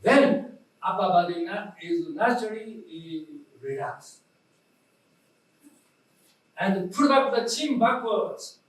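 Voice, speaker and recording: A man with a Japanese accent gives slow, halting posture instructions and repeats each key point. His voice sits high for a man. He is picked up from well away from the mic, in a very echoey hall. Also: animated. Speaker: meditation instructor. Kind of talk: guided posture demonstration. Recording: roomy lecture hall, voice from a distance.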